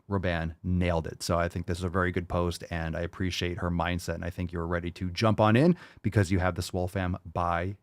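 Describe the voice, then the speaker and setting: A man's voice: fairly low pitch, no room sound, studio quality. A man in his thirties hosting a fitness podcast, ranting crudely and profanely and reading out listener emails in a mocking tone. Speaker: podcast host.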